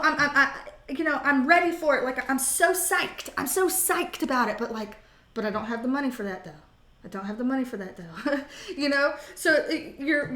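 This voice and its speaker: A woman with a high voice gives a casual live tarot reading, chatty and jokey, rambling from one aside to the next and swearing freely. Her voice bounces around an echoey room. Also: sharp tone. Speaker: tarot reader.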